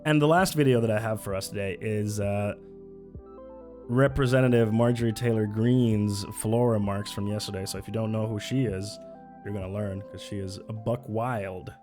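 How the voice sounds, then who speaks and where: A man's voice: on the low side, steady tone, normal speed, music in the background. A young man livestreaming, chatting casually in a rambling, joking way that often breaks off mid-sentence. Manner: rambling, self-interrupting, joking. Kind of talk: casual chat.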